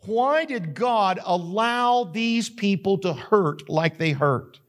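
A man's voice: sits high, animated, slow. A male pastor, preaching a sermon that retells a story dramatically and builds to emphatic questions.

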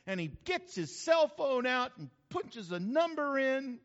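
A man from New Mexico, a pastor preaching a sermon in a folksy, humorous, animated storytelling manner. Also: extremely high pitch, measured pace, few pauses. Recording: reverberant hall, slightly dull sound.

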